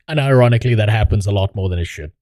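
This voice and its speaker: A man's voice: lowish voice, mellow, no echo. A man streaming and reacting to videos in casual commentary, swearing heavily and mocking himself. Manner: crude, heavy swearing, self-mocking.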